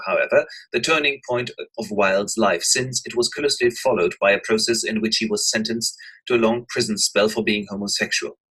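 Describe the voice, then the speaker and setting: Man narrating a lesson, lively pitch, bright, husky voice. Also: poor audio. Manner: lively and expressive. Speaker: teacher summarizing a play. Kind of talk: animated storytelling narration.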